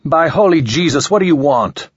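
A man's voice: lowish voice, lively intonation, slightly rough, dry recording. A man voicing a furious, stubborn man who swears and fires off angry questions. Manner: shouting crude, rapid angry questions. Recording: slightly dull, dry audio.

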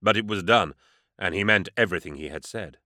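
A man reading scripted narration in a steady, measured storytelling manner. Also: deep voice, no room sound, clean studio sound. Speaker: audiobook narrator.

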